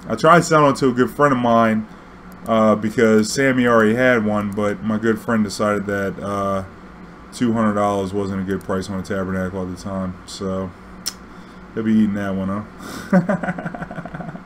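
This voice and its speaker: Young guy w a lowish voice swearing thru a story, faint room hum behind. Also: moderate pace. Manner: profane, animated, acts out dialogue. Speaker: streamer telling a story. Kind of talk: casual storytelling.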